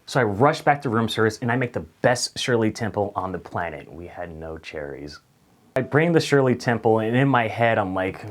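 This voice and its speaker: A young man telling a funny story straight to camera, swinging from loud acted-out outbursts to low mutters. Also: moderate pace. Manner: animated, swings between loud outbursts and mutters, acts out voices. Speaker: storyteller vlogger.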